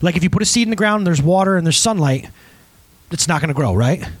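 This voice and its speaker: A man's voice: high voice, animated, fast talker, dry recording, low-quality recording. A male pastor preaching a conversational sermon, emphatic, often asking the congregation questions.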